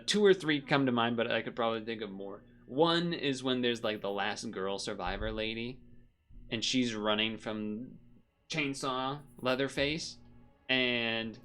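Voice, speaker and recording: A man's voice: medium pitch, fairly bright tone. A man streaming a game, chatting casually and rambling between moves, often laughing. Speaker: gaming streamer. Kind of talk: casual commentary while playing.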